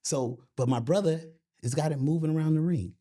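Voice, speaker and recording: A middle-aged man, a boxing and MMA coach, telling stories in a casual interview, profane and animated, often asking "you know what I'm saying". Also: on the high side, fairly quick.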